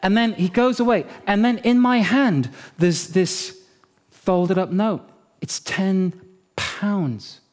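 A middle-aged man preaching a sermon as pastor, telling a story in a lively, humorous way. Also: sits high, takes it slowly.

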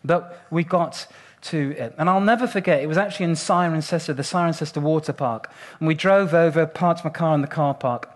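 An Englishman speaking on stage to an audience, telling a humorous story in a playful, self-mocking way with dramatic pauses. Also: on the high side. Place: stage before a live audience.

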